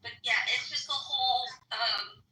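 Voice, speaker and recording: Brief: female guest, high bright voice, echoey room, off-mic. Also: a little slow, distant mic. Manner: emphatic, hesitant with ums. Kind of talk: political talk chat.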